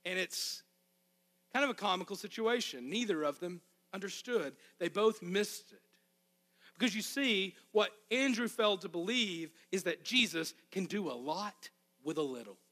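Arkansas-accented male pastor, high and bright, preaching with passion in a reverberant hall. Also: lively intonation, moderate pace. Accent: Arkansas Southern US. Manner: impassioned, emphatic repetition. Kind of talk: sermon.

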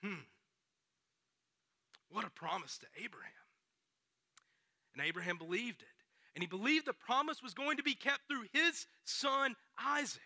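A man preaching a storytelling sermon, dramatic and dropping to hushed near-whispers for emphasis. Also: extremely high pitch, a little slow, long pauses, no echo, studio quality.

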